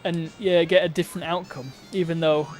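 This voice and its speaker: A man's voice: fairly high pitch, steady tone, brisk, faint music behind. Chatty man streaming a game. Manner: chatty, playful and self-mocking. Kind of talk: live game-stream commentary.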